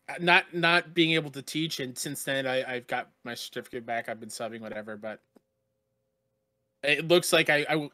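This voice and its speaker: A man's voice: medium pitch, bright, forceful tone, no echo. A man talking as a guest on a podcast, earnest and heartfelt, from Long Island, New York. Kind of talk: casual podcast chat.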